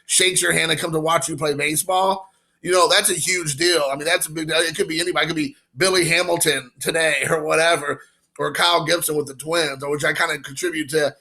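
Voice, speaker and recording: Casual card vlogger, man in his forties from Indiana; gravelly, bright, gushing and rambling. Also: on the high side, a little fast. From Indiana, USA. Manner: excited, emotional, rambling with fillers. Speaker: baseball card collector vlogger. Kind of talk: casual card-opening vlog.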